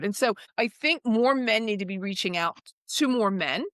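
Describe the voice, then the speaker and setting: A woman's voice: fairly high pitch, normal speed, no echo. A woman guest in a casual interview, talking expressively and acting out the lines she quotes. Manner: expressive storyteller, acts out quotes.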